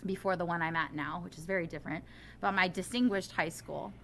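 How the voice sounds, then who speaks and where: Animated, bright-voiced woman teacher. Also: fairly low pitch, brisk, slight background noise. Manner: animated, self-deprecating, impassioned. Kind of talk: interview.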